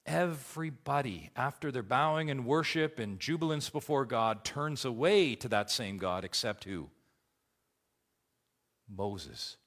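A man preaching a sermon as pastor, emphatic, with big swings between soft low passages and loud high ones. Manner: emphatic preaching with wide swings in pitch and loudness.

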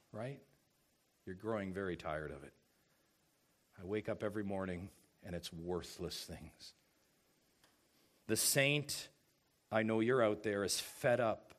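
Slow, emphatic preaching man. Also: lowish voice. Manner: preaching with dramatic swings from hushed to shouted; slow, emphatic delivery with rhetorical questions. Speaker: pastor. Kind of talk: sermon.

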